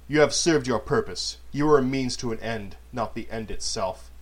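A man's voice: mid-range voice, normal speed, lightly acted. Stern imperious patriarch, cold and clipped, as a male narrator plays him.

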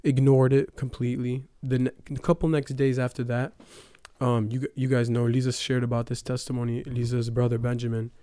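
A young man recounts his personal testimony in a relaxed, rambling way, leaning on fillers. His voice is mellow and smooth, with a fairly flat melody. The sound is close and dry, with no room echo. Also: mid-range voice, brisk. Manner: casual storytelling with many fillers. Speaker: testimony speaker.

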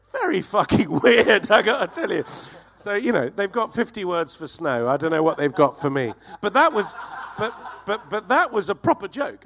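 A man, telling a profane, animated anecdote and laughing through it as a comedy guest. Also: a little high. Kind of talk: anecdotal storytelling.

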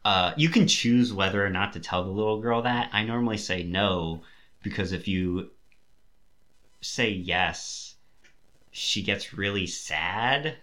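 Bright-voiced young man chatting casually. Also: lowish voice, takes it slowly. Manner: enthusiastic rambling, many fillers. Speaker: podcast host. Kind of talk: casual chat.

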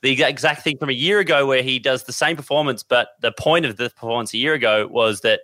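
Bright-voiced Australian man on a panel. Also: mid-range voice, fast talker, no echo. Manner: reflective, acts out quotes. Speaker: comedy panelist. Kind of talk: comic panel banter.

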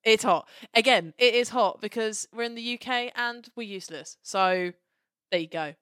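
A woman co-hosting a podcast, chatting in an excitable, playful and sweary way. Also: a little high, moderate pace, clear, resonant tone, dry recording, clean studio sound. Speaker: podcast co-host. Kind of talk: casual chat.

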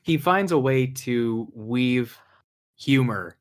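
A man's voice: medium pitch, animated, takes it slowly. Man, podcast guest, casual discussion, thoughtful, searches for words.

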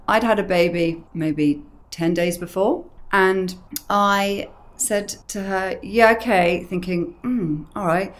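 A woman's voice: medium pitch, slow. A woman in her thirties, a makeup artist chatting casually and acting out the people in her stories. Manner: animated storyteller who acts out quoted voices. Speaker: makeup artist and brand ambassador. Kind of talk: casual chat.

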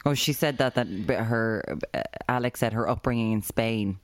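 A woman's voice: extremely low pitch, normal speed. An Irish woman co-hosting a podcast, chatting casually with dry teasing remarks. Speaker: podcast co-host. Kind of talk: casual chat.

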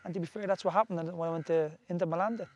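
A man's voice: high-pitched, fairly even intonation, racing, dull audio. A man from Ireland in his forties, a former footballer telling stories in casual chat, full of restarts and asides. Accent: Irish. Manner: rambling storytelling with restarts.

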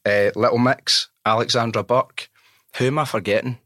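A Scottish man hosting a podcast, telling stories in a lively, animated, casual way. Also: medium pitch, normal speed, no echo, studio quality. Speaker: podcast host. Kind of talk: casual interview chat.

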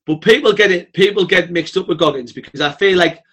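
A man, talking bluntly and swearing freely as a podcast guest, telling animated stories. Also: sits high, fairly quick, breathy edge. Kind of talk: casual podcast chat.

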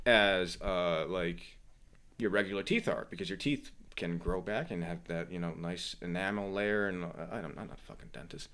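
A young man co-hosting a podcast, telling a story in casual, animated chat full of swearing. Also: sits low, moderate pace, clean tone. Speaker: podcast co-host.

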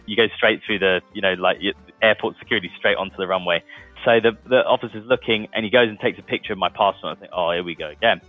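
A man's voice: fairly low pitch, steady tone, fast, soft background music. A man telling his story casually in an interview, chatty and laughing as he goes. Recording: tinny phone-like sound.

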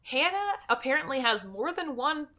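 A woman hosting a podcast in casual chat, an animated and jokey storyteller. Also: high-pitched, normal speed. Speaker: podcast host.

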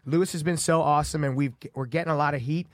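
Fast-talking young podcast host. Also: male voice, on the high side, steady tone, no room sound, clean studio sound. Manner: joking, profane, fast-talking. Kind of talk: casual podcast chat.

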